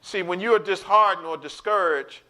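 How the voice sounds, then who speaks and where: A man preaching an online Bible study, animated, repeating words and calling out to his listeners. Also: high-pitched, normal speed. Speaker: pastor teaching a Bible study.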